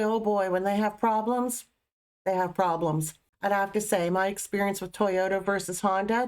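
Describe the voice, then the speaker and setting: Chatty woman reacting to music. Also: medium pitch. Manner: chatty, rambling, self-amused. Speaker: reaction video host. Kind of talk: casual reaction commentary.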